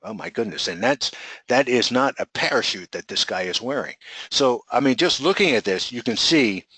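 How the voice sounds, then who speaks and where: A man's voice: mid-range voice, animated, moderate pace, bright, forceful tone, slightly rough, no room sound, rough recording. A man coaching a group in a webinar, talking energetically and firing rhetorical questions at his audience.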